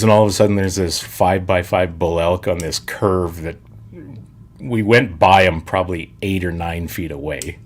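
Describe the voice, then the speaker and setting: A man's voice: deep voice, steady tone, normal speed. A man co-hosting a casual podcast, reading sponsor spots and joking easily with his co-host. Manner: easygoing, joking, laughs often.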